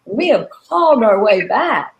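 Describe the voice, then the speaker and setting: A middle-aged woman coaching an online audience, her voice sitting a bit high. She talks earnestly and explains each step of an affirmation exercise. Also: sing-song, takes it slowly, low-quality recording. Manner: earnest, repeats affirmations with shifting emphasis. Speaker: coach and host. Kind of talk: live coaching webinar talk.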